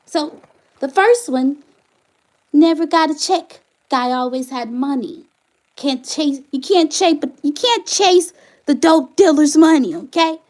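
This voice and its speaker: A woman's voice: sits high, a little slow, a little mellow. A woman hosting her own channel, venting with passion in a live stream, firing off repeated rhetorical questions and reading viewer comments aloud. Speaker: channel host, single mother. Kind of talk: emotional livestream venting.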